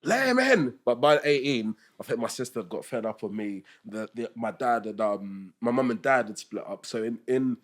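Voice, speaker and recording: A man's voice: lowish voice, normal speed, hardly any pauses. A young man, a podcast guest talking candidly about family in a rambling, self-interrupting way, laughing often.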